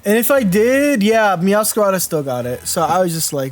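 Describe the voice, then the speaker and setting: A man's voice: sits high, sing-song, moderate pace, faint music behind. Chatty young man streaming a card game. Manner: rambling, self-interrupting, chatty with viewers. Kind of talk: casual live-stream commentary.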